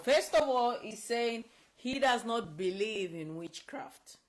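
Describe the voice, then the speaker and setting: A woman from Zambia speaks in emotional political commentary, her voice swinging widely in pitch. She sounds upset and close to tears, and she presses her points by repeating them. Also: animated, takes it slowly, poor audio. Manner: emotional, insistent, repeats herself. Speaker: political advocate.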